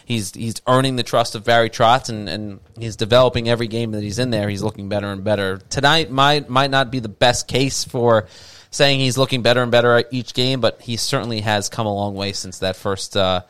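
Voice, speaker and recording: A man co-hosting a sports talk stream, speaking in a measured, thoughtful way with some hesitations. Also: medium pitch, fairly even intonation, a bit bright, smooth, dry recording. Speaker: podcast co-host.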